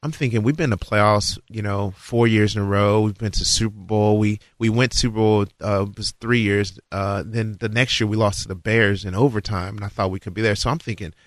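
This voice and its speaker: A man telling a long, animated story about his football days, acting out his own lines. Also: fairly quick, few pauses, dry recording, clean studio sound. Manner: animated, acts out dialogue with rising pitch. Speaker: guest recalling his football career. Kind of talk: casual storytelling.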